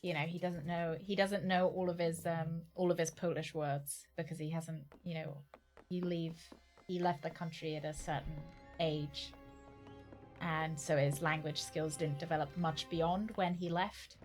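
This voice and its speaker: A woman's voice: low voice, fairly even intonation, measured pace, darkish tone, faint music behind. A woman streaming a game, chatting casually with her viewers and often restarting her sentences. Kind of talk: casual chat while gaming.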